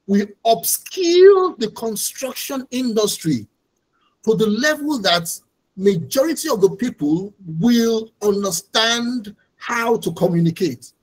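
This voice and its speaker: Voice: medium pitch, low-quality recording. An instructor, giving an online training lecture over a video call in a patient, explanatory way and repeating key points.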